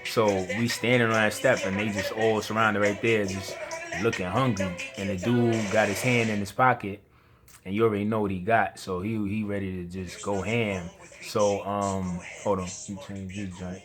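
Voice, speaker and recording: A man's voice: on the low side, little pitch movement, normal speed. Slangy New man telling a story. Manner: slangy, rambling, chuckling. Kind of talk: casual storytelling. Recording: music playing behind.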